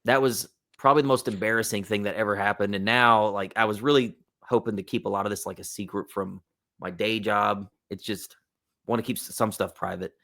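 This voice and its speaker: A man, a podcast guest, telling a funny story in a relaxed, chatty way, with plenty of "like" and "uh". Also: lowish voice, a little fast, gravelly. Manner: relaxed, chatty, with lots of fillers like "like" and "uh". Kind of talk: casual storytelling.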